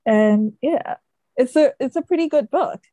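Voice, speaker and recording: Unhurried and mellow, this woman's high voice carries her casual chat as a podcast co-host recapping a book plot, sprinkled heavily with "sort of" and "like." There's no room sound.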